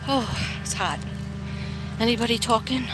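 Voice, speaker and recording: A middle-aged woman chatting casually on a live stream while out on a walk, rambling and reading viewer comments aloud. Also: fairly high pitch. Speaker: psychic vlogger. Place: outdoors on a walk.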